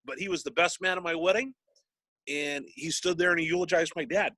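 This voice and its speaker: A man's voice: on the high side, brisk, pushed and bright, dry recording, low-quality recording. A man, a sports broadcaster, telling personal stories in an interview and getting choked up at times. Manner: emotional, gets choked up. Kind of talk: storytelling interview.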